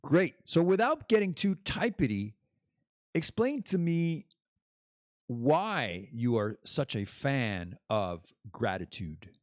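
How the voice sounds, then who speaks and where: A man's voice: mid-range voice, big pitch swings, slow, no room sound, clean studio sound. A man hosting a podcast as a casual live stream, rambling and joking as he chats. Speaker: podcast host.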